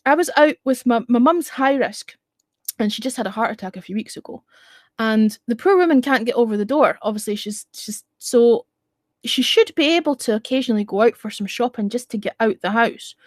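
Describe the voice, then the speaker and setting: A woman's voice: a little high, animated, brisk, no echo, clean studio sound. A woman hosting a casual live-stream chat, blunt and outspoken and swearing freely.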